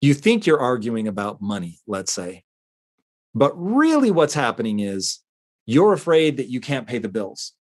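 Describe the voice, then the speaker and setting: A man's voice: mid-range voice, very animated, normal speed. A man hosting a talk show, explaining his point in a casual, earnest way with frequent fillers and restarts. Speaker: host answering a listener letter.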